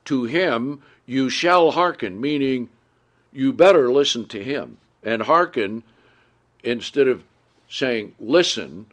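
Man, Bible teaching sermon, reads verses then explains, asks "okay?", voice jumps up for emphasis. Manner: pitch jumps up when stressing points. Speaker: preacher.

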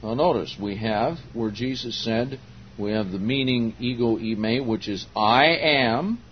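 A man preaching a sermon verse by verse, slow and emphatic, rising loud on quoted verses. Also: medium pitch, highs cut off, a little hiss or hum. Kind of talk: sermon, verse-by-verse Bible teaching.

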